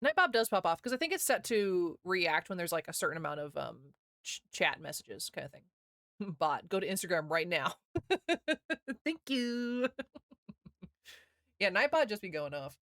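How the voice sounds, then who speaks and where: A woman in her thirties streaming, chatting casually with viewers, giggling often and talking quickly. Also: fairly low pitch, very animated, a bit bright, no echo, clean studio sound.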